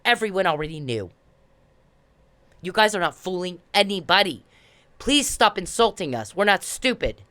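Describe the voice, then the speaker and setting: A woman's voice: fairly low pitch, big pitch swings, moderate pace, pauses often, fairly bright tone. A woman delivering an angry, confrontational monologue, repeating herself and swearing as she berates the police. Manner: confrontational, repetitive, profane. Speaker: vlogger addressing police.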